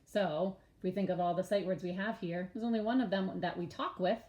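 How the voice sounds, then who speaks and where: Woman, early-grades teacher, slow letter-by-letter spelling, warm low tone, roomy echo. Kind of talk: early-grades reading lesson.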